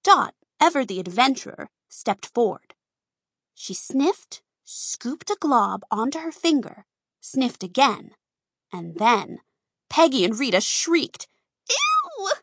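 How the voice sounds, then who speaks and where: A woman reading a children's storybook aloud, slow and expressive. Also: fairly high pitch, slightly rough, no room sound, studio quality. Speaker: narrator.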